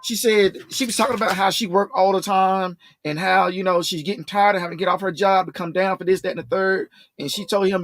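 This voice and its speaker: A man's voice: sits high, steady tone, fast talker, few pauses, fairly bright tone, no room sound. A man co-hosting a casual talk show, retelling stories at length and acting out the quoted dialogue. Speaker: co-host. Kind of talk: casual podcast chat.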